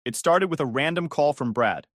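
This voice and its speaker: A man narrating a first-person drama story with a gossipy relish. His pitch moves a lot across phrases. The recording is close and dry. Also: lively intonation, moderate pace, no echo.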